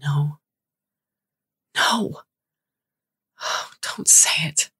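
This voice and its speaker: A woman's voice: sits low, lively intonation, takes it slowly, gravelly, breathy edge, exaggerated voice. A woman voicing an anxious young woman cook who swears in urgent outbursts. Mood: pleading.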